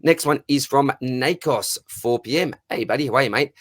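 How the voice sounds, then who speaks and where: A man's voice: mid-range voice, moderate pace, dry recording. An Australian man hosting a sports podcast, reading listener questions in a chummy way. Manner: friendly and chummy, calls everyone mate and buddy. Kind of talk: casual podcast chat.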